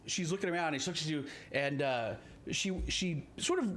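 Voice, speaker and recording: A man's voice: a little high, normal speed, fairly bright tone. A man running a tabletop game as game master, talking with many fillers and restarts.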